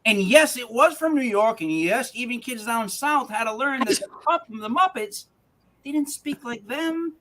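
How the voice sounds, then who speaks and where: A man's voice: very high-pitched, animated, normal speed, pushed and bright. A man co-hosting a live paranormal news show, chatting casually and wandering off on jokey tangents. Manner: rambling, goes off on tangents, jokey. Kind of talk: casual chat.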